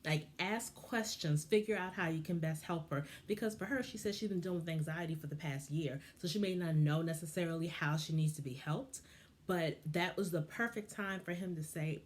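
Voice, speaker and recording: A woman's voice: lowish voice, normal speed. A woman vlogger giving casual, impassioned and frustrated commentary on a reality show.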